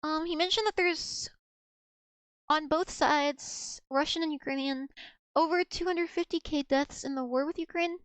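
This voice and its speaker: A woman's voice: sits high, a little slow, no echo. A young woman from the United States chatting casually on a livestream, rambling with restarts and giggles. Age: young adult. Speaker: streamer.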